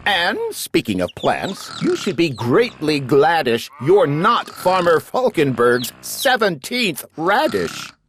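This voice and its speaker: A man's voice: on the high side, slow, hardly any pauses, background noise. Man reading a rhyming storybook, sing-song. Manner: lively sing-song storytelling, playful emphasis. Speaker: storybook reader. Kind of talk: reading a children's book aloud.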